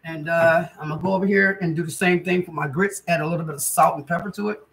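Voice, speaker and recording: A middle-aged woman hosts a casual home cooking vlog from her kitchen, chatting homily with viewers and calling them "guys" and "y'all" in a chatty, homey way. Her voice is fairly low with a steady tone and a quick pace. The audio is poor, with a little hiss or hum.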